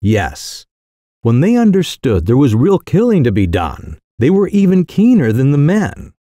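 A man voicing a sly young mischief-maker who delivers outrageous news in a calm, careless, mock-serious way. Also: on the high side, unhurried, dry recording, studio quality. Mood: cool, mock-grave.

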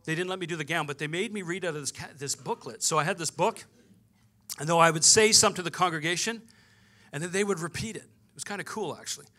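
A pastor preaching in a bright, forceful voice that sits a little high for a man. He tells his story through lively back-and-forth dialogue, acting out each exchange as he goes. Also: fast talker. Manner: storytelling with quoted dialogue, animated. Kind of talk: sermon.

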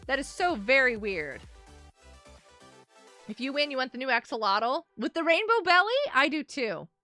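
A woman's voice: high voice, very animated, moderate pace, bright, forceful tone, soft background music. A woman live streaming and chatting with her viewers in a bubbly, giggly way while nursing a headache. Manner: bubbly, giggly, talks to chat. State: has a headache.

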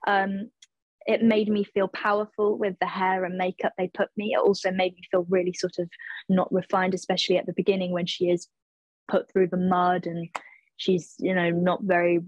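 A woman's voice: fairly low pitch, level tone, moderate pace, no room sound, highs cut off. Young woman, hesitant, dry close sound. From England. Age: 20s. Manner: hesitant, many fillers and restarts, searching for words. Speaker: actress, interview guest. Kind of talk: casual interview answers.

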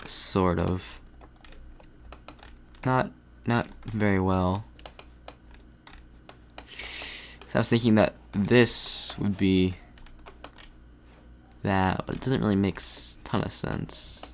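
A man's voice: sits low, drawn-out words, long pauses, slight background noise. Man musing aloud over a game. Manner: muses aloud, hesitant, frequent restarts. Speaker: gaming video creator. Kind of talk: thinking-aloud game commentary.

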